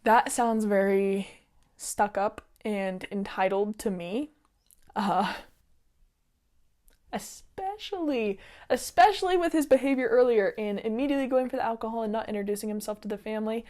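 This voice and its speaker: A young woman reads online stories aloud in a casual, chatty way. She mixes the reading with her own opinionated asides, scattered with "like" and "um". She sounds expressive and drifts off topic easily. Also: on the high side, normal speed.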